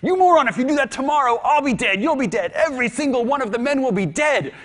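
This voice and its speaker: A man voicing a hot-headed ancient hero captain who pleads and shouts in a high, strained voice. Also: animated, fairly quick. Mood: furious.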